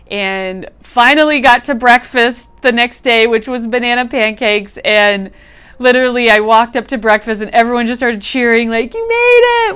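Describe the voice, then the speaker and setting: Candid woman telling her story, smooth voice. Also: fairly high pitch, a bit bright. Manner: candid, swears casually, fills with "like". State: close to tears at times. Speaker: guest sharing a personal story. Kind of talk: emotional personal testimony.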